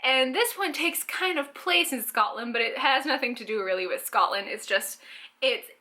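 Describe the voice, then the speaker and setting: A young woman from Canada talks through a casual book haul vlog. Her voice sits high and sounds sharp and bright. She chats eagerly, full of likes and ums. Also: moderate pace. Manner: chatty, enthusiastic, lots of fillers. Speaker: book vlogger.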